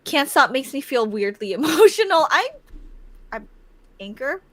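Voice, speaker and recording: A woman's voice: high voice, very animated, normal speed, fairly bright tone, no room sound. A young woman co-hosting a casual livestream podcast, chatting, laughing often and reading viewer comments aloud. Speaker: podcast co-host.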